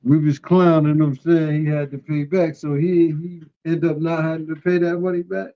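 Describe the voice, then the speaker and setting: Male host, teasing and joking, slightly high voice, lo-fi call sound. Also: level tone, normal speed. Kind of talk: casual political chat. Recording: muffled lo-fi call audio.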